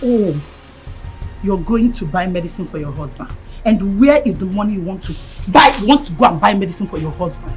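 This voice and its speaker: An actress with a Nigerian accent playing a domineering sister-in-law who mocks, insults and shouts at her brother's wife. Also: lively intonation, brisk, faint music behind, lightly acted, rough recording. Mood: mocking. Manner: shrill shouting, insulting, mocking.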